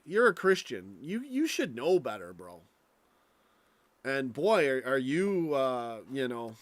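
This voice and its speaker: A man's voice: mid-range voice, fairly bright tone, dry recording. A young American man hosting a casual late-night livestream from home, rambling and profane, restarting his sentences often. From United States. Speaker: live stream host. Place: home, indoors.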